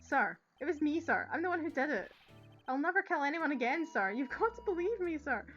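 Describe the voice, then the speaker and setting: A woman with a Scottish accent voicing an eager, dim young male police officer who ends nearly every line with "sir", loud and earnest, reading game dialogue aloud. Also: on the high side, brisk, muffled recording, faint music behind, natural voice.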